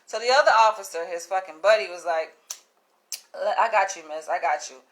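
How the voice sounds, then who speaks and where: A woman vlogging, telling a story in a casual, animated way, swearing freely, laughing and acting out what others said. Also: on the low side, moderate pace. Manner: animated, profane, laughs often, acts out quotes.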